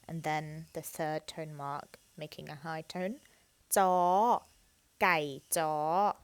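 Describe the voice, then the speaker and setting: A woman teaching a language lesson, slowly modelling syllables aloud and explaining each one clearly. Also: on the low side, dry recording.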